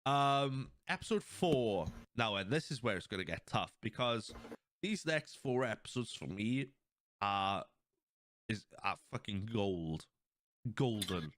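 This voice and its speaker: A man's voice: lowish voice, big pitch swings, slow, a bit bright, a little hiss or hum. A man hosting a podcast, chatting casually, rambling through episode scenes with lots of restarts and some swearing. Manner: rambling, recounts scenes with quoted lines, swears; many fillers and restarts, laughs along. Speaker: podcast host. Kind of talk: casual chat.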